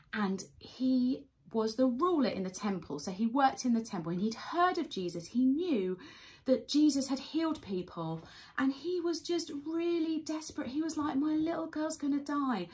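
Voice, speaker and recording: Telling a Bible story to children during worship, this woman in her thirties gasps and acts out character voices with lots of animation. Her voice is on the high side.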